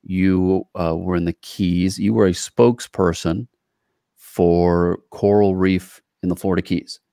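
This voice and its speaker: A man's voice: low voice, a little slow, vocal fry, no echo, clean studio sound. A man co-hosting a podcast, chatting loosely with many fillers and asides. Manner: relaxed, wordy, hedging with fillers. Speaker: podcast co-host. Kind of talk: casual interview chat.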